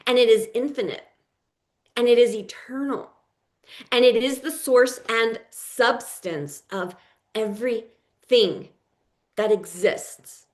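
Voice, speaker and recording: A woman coach speaks slowly, leaving long, weighty pauses between her phrases. Her voice sits fairly high, and she leans hard on single words to drive each point home. She teaches with a spiritual bent. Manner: deliberate and emphatic, stressing single words. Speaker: life coach. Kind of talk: teaching a live coaching session.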